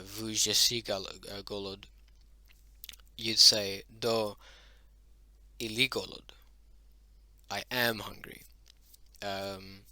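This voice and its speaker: A young man casually explaining a language as a hobby lesson, halting often with fillers and correcting himself as he goes. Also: lowish voice, pushed and bright, dry recording. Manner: halting, many fillers and self-corrections, mutters "oh, damn".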